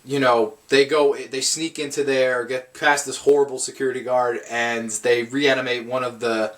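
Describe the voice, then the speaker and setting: A man's voice: medium pitch, level tone, normal speed, a bit bright. A man giving a casual, rambling film review, swearing often and restarting his sentences. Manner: rambling, profane, frequent restarts.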